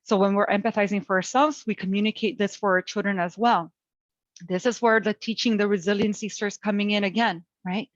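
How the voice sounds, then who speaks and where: Gentle woman coaching parents. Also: medium pitch, fairly even intonation, brisk, no echo, muffled recording. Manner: gentle, coaching, models soothing self-talk. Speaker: parent educator. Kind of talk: webinar teaching.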